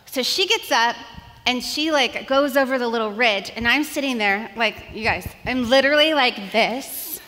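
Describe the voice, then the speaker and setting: A woman, a pastor's wife, telling a funny story to a church audience in an animated, chatty way, full of "like" and "you guys.". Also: on the high side, normal speed, a little hiss or hum. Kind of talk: humorous storytelling talk to an audience. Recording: long hall reverb.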